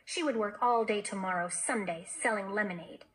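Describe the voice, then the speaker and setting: A woman teacher reading a children's novel aloud in an expressive storytelling manner. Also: mid-range voice, a little fast, rough recording.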